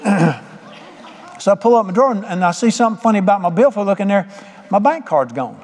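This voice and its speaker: In what sounds like a large church hall with long reverb, a middle-aged preacher delivers a sermon quickly, his fairly high voice a little mellow and lively in intonation. He uses folksy storytelling and frequently asks his listeners questions.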